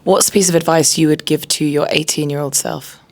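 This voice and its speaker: A woman's voice: low-pitched, fairly even intonation, fairly quick, darkish tone, a little hiss or hum. A woman hosting a podcast, asking short, upbeat interview questions. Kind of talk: casual interview.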